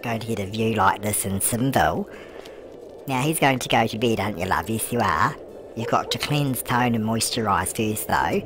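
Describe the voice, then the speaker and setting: A fussy, motherly old nan with a strikingly low, deep voice, as a woman puts her on, narrating a life-sim game and calling everyone love. Clear background music plays beneath her. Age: older. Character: chatty, doting old British nan. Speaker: let's play host. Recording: music playing underneath.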